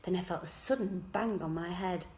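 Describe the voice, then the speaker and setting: Teacher reading a story softly. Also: female voice, lowish voice, moderate pace, a little hiss or hum. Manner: soft, quiet first-person narration. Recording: echoey room.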